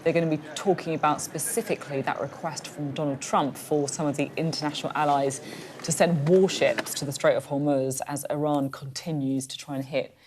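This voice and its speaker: Female news presenter, low pitch, conversational, studio, faint noise behind. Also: fairly even intonation, a little fast. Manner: conversational, frequent fillers.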